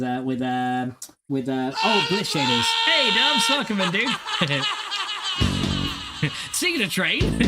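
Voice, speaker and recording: A man with a medium-pitched voice streams a game live, reading and thanking his chat in an excitable, giggly way, swearing plenty.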